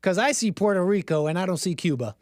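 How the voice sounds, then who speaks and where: Joking male livestream host, high voice. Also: animated, fast, dry recording, clean studio sound. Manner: joking, self-mocking, talks to chat. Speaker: streamer host. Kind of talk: casual livestream monologue.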